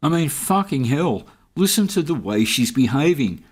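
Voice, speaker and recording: A man's voice: fairly high pitch, big pitch swings, moderate pace, breathy edge. A man giving sarcastic, mocking commentary over video footage. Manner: sardonic, mocking.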